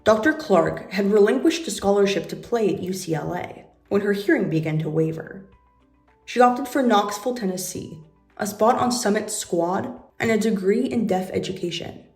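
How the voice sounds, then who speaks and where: A woman delivering scripted narration in a measured, formal voice. She sounds set back from the microphone in a roomy space. Faint music runs underneath. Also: medium pitch, animated, vocal fry, a little mellow. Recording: roomy, distant voice-over with music.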